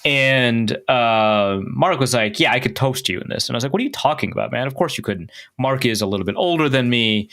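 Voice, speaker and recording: A young adult man co-hosting a podcast, telling a funny story in an animated, self-mocking way and laughing along. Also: medium pitch, brisk, gravelly, hardly any pauses. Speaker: podcast co-host. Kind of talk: casual storytelling chat.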